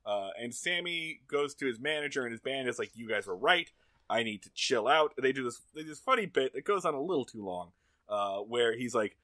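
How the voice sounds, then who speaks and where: A man co-hosting a comedy podcast, recapping an episode in casual chat and bursting into loud, shouty impressions. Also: medium pitch, animated, a little fast, dry recording, clean studio sound. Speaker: podcast co-host.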